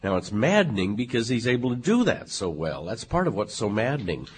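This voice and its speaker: A man speaking in an emphatic, professorial way as a guest on a theology talk show, slowing down to stress points. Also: on the low side, very animated, slight background noise. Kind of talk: lecture-like conversation.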